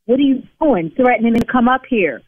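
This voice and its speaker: A woman's voice: on the high side, lively intonation, fairly quick, breathy edge, dry recording. A woman who owns a salon, indignant and cursing as she argues with a caller over the phone. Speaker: salon owner. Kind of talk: heated phone call. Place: busy lash salon. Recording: tinny phone line.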